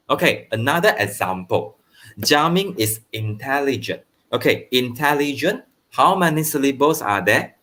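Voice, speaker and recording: A man teaching primary school grammar online, explaining slowly and checking understanding with "okay", with brief bits of Mandarin. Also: medium pitch, lively intonation, pushed and bright. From Malaysia. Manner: switches into Mandarin for translations.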